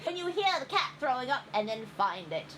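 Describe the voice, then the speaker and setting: Bright high text-to-speech woman. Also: very animated, fairly quick, a little hiss or hum. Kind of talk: meme video narration.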